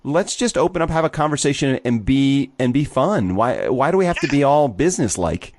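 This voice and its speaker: A man's voice: mid-range voice, lively intonation, a little fast, darkish tone, no room sound. Brash American male host, teasing and profane, dry close recording. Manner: brash, joking, swears freely. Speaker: podcast host. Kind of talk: casual chat.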